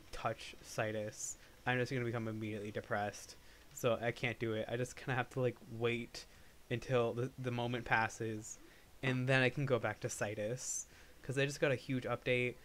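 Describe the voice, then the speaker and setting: A man's voice: medium pitch, a bit bright, slight background noise. A young man streaming live, chatting casually and rambling, often restarting his sentences. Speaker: livestreamer. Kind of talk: casual livestream chat.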